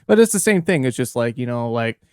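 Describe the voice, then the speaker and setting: A man's voice: medium pitch, big pitch swings, fairly quick, darkish tone, smooth, no room sound, clean studio sound. A young man co-hosting a podcast, easygoing and agreeable in casual chat. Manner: easygoing, agreeable, laughs often. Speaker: podcast co-host.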